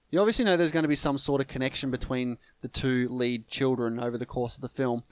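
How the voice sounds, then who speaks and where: A man's voice: mid-range voice, clean tone, dry recording. A man, co-hosting a casual film review podcast, blunt and rambling, with casual swearing. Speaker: podcast co-host.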